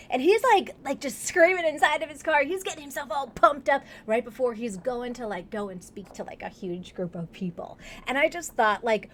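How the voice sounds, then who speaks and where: A woman from Wisconsin, a business coach, leading a live book discussion in an enthusiastic, gushing way, full of fillers. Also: fairly high pitch. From Wisconsin, USA. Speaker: online tutoring business coach.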